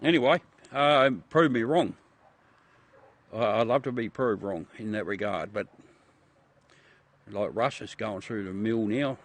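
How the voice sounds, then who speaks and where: A man's voice: on the low side, measured pace, pauses often. A man from South Australia with an Australian accent, hosting a casual livestream chat with viewers in a blunt, profane way that keeps calling everyone mate. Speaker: livestream host.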